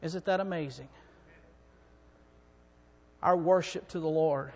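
A man preaching a sermon, swinging from quiet talk up to fervent, shouting peaks. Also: fairly high pitch, slow, gravelly. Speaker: preacher and song director. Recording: long hall reverb.

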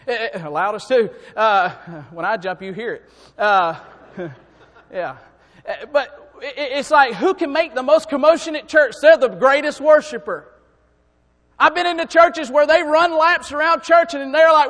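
A very high-voiced man preaches a sermon, sliding from low, quiet talk into fervent, shouting peaks. His voice rings with the long reverb of a church hall. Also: moderate pace. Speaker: preacher and song director.

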